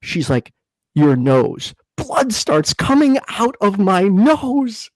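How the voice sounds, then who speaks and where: Animated young man telling a story. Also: slow, no echo. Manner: animated, acts out quotes in a high voice. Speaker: podcast co-host. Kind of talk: casual chat, storytelling.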